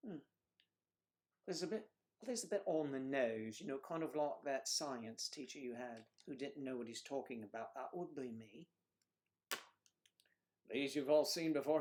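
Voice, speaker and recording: A man's voice: mid-range voice, lively intonation, unhurried, long pauses, slight background noise. A man hosting a casual livestream, chatting in a joking, rambling and playful way. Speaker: livestream host.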